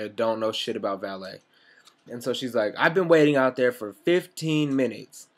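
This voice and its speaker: A young man telling rambling, sarcastic stories straight to camera, swearing freely as he goes. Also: mid-range voice. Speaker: vlogger. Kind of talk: casual storytelling monologue.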